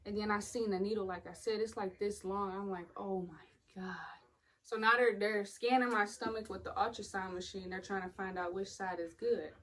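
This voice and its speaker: A woman's voice: medium pitch, steady tone, fairly quick, few pauses, a bit bright, poor audio. A young woman, casually telling the story of a painful hospital stay, blunt and profane, acting out the other people in it.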